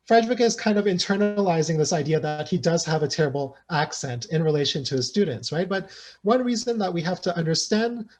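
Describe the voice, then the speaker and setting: A man's voice: a little high, expressive, brisk, darkish tone. Man lecturing with many "right?" tags. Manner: frequent "right?" and "you know" fillers, thinking aloud. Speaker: sociolinguistics researcher presenting a talk. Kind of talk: academic lecture.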